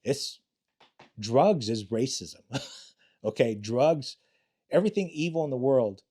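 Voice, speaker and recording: Middle-aged guy, retired detective, cussing through his stories, mellow relaxed tone. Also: mid-range voice, slow, breathy edge. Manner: blunt and profane, acts out quotes in other voices. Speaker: retired homicide detective, podcast guest. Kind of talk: casual storytelling interview.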